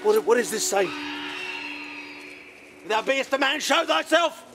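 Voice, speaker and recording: An actor playing a drunken, boisterous male shipwreck survivor who shouts his lines, in a film clip. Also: high voice, fairly quick, natural voice. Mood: rowdy. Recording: film clip with loud music.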